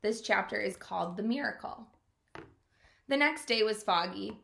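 A woman teacher reading a children's storybook aloud in an expressive way, in a roomy-sounding recording. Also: mid-range voice, normal speed, vocal fry. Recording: roomy echo.

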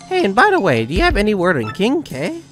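A loud, swooping showman of a wrestling promoter with a folksy drawl, as a man puts him on. The pitch leaps all over the place, and the music of a game plays clearly behind him. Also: wildly swooping pitch, quick pace. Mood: boisterous.

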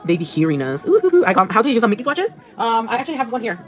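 A woman's voice: fairly high pitch, very animated, very fast. A woman chatting casually on a livestream as she paints nails, swearing freely, slipping into Spanish and answering viewer comments, with music playing in the background. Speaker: nail artist livestreaming. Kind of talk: casual livestream chat while working.

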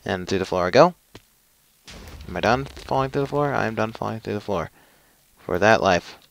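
A man's voice: lowish voice, animated, moderate pace, creaky. A young man commentating his own gameplay, with frustrated, self-mocking outbursts. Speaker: gaming channel host.

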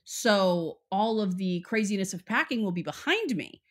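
A woman's voice: mid-range voice, expressive, moderate pace. A young woman from Texas co-hosting a podcast, chatting casually and rambling with lots of "like". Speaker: podcast co-host. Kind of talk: casual chat.

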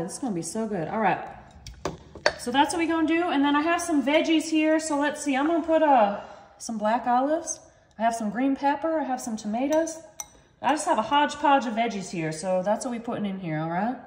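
Chatty high-voiced woman cooking. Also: a little fast. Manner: chatty, playful, talks to viewers as y'all. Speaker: home cooking vlogger. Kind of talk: casual cooking demonstration. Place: home kitchen. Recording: echoey kitchen with faint noise.

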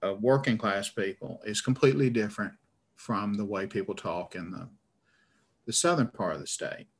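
A man's voice: lowish voice, normal speed, husky. Stammering man with a northern Alabama drawl. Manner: stammering, rambling, self-deprecating. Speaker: author guest. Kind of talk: conversational interview. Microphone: video call.

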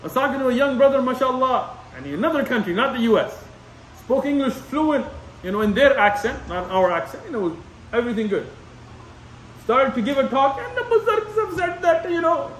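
An imam delivers an Islamic lecture in a very high, animated, brisk and somewhat bright voice. His style is conversational and repetitive, with Arabic terms sprinkled throughout. The room is echoey, the mic sits at a distance, and there's slight background noise.

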